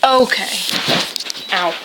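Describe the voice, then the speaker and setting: A woman's voice: drawn-out words, heavy background noise. A woman giving casual, playful commentary while playing a bird game. She talks straight to the birds, cheering them on and scolding them.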